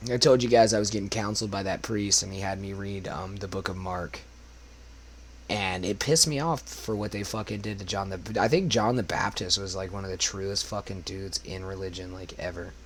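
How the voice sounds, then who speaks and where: Between karaoke songs on his livestream, a young man rambles loosely to chat and swears a lot, his voice worn from smoking. It's low and at normal speed, with a little hiss or hum.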